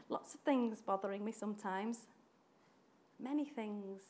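A woman preaching a sermon in an animated way, acting out quoted voices and laughing often. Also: mid-range voice, slight background noise.

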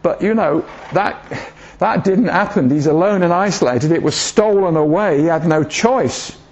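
Preaching in a church, a man from the south of England keeps things chatty and jokey, often turning questions to the congregation. His voice leans high and a little mellow, at a normal speed, and the lo-fi church audio sounds dull.

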